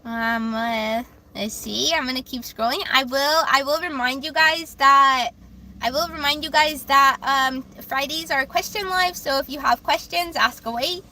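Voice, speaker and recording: Young female tarot streamer, casual and self-deprecating, bright tone. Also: high voice, unhurried, slight background noise. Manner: rambling, self-deprecating, stumbles over words. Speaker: livestream tarot reader. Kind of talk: casual livestream chat reading comments.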